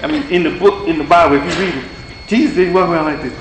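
Man preacher, folksy and plain-spoken, slightly high voice, echoey church hall, faint hum behind. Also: fast talker. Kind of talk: informal sermon and closing prayer.

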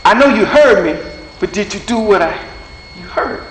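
A man preaches in a plain, folksy way, acting out short exchanges as he goes. His voice sits a little high. The sound is roomy, with a long echo from a church hall and a faint hum underneath. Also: expressive, moderate pace, fairly bright tone. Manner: folksy, plain-spoken, acts out dialogue. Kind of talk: informal sermon and closing prayer.

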